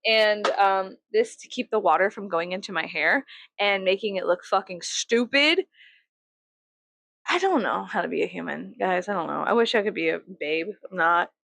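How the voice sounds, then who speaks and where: A woman in her thirties from the United States, vlogging at home while she gets ready, rambling and swearing, mocking herself and breaking into loud laughs. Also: mid-range voice, lively intonation, normal speed, creaky, no room sound. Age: 30s. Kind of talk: casual get-ready-with-me chat.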